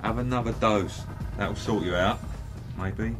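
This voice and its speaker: A man's voice: fairly low pitch, measured pace, natural voice. An actor playing a sinister, wasted man who gives crude, conspiratorial advice about a drug trip, in a TV clip. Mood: menacing advice. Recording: TV clip under loud music.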